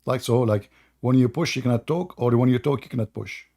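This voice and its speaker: A man's voice: medium pitch, fairly quick, dark tone. A man hosting a casual livestream chat, joking and mocking, with a tired voice. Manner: mocking, joking, laughs at his own stories. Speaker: host.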